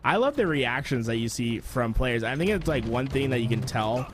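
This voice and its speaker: A man commentates a shooter tournament in an easy, talkative way, trading banter with his partner. Gunfire and clicks from the game crackle under his voice, and the line carries a steady hiss of noise. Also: medium pitch, normal speed. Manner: relaxed, chatty banter with laughs. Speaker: esports color commentator. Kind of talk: live esports commentary. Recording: noisy broadcast with game gunfire behind.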